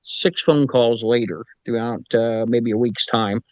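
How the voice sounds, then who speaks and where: Speaking at a measured pace with medium pitch and no echo, this Indiana man, middle-aged and a paranormal investigator, shares casual stories. He performs the voices of those he quotes and livens his anecdotes, often using fillers and starting over.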